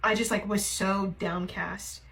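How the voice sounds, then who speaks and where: A woman's voice: medium pitch, steady tone, unhurried, creaky, a bit bright, low-quality recording. Young woman confiding in a rambling vlog. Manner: rambling and hesitant, heavy on fillers; emotionally raw, confiding. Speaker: TikTok creator. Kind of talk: confessional get-ready-with-me vlog.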